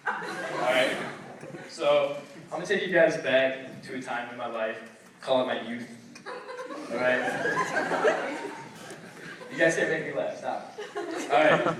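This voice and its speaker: A man's voice: medium pitch, measured pace, long pauses. Young male comic in an echoey hall. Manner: hyped storytelling, acting out quotes. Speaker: stand-up comic. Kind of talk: stand-up comedy set. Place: live comedy venue. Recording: echoey hall from far off, loud noise.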